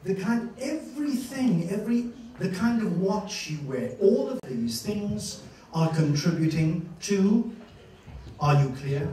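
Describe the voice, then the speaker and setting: Male lecturer, lively and theatrical, high and expressive, recorded from a distance in a reverberant hall. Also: takes it slowly, a little hiss or hum. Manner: animated storyteller, acts out scenes, laughs often. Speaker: lecturer giving a master class. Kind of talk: lively master-class lecture. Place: university lecture room. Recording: echoey hall, distant mic.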